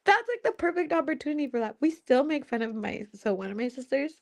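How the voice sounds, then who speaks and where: A woman's voice: high-pitched, lively intonation, fast talker. A young woman hosting a live stream, chatting casually with viewers in a blunt, teasing way, swearing and laughing often. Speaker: host of a live spiritual Q&A stream.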